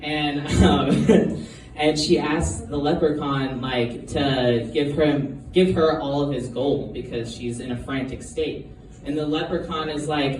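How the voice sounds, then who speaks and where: A man's voice: on the high side, fairly even intonation, takes it slowly, a little mellow. Rambling man telling a joke onstage. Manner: hesitant, rambling, with frequent ums and giggles. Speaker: amateur stand-up comedian. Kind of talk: first-time stand-up storytelling. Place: live comedy show venue. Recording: echoey room from far off, noisy.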